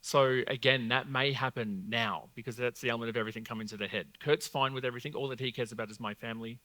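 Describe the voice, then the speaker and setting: A man's voice: medium pitch, steady tone, quick pace, sharp tone, dry recording. An Australian man hosting a live stage show, talking casually with lots of fillers as he relays messages to an audience member. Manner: chatty, filler-heavy, swears casually. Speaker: psychic medium host.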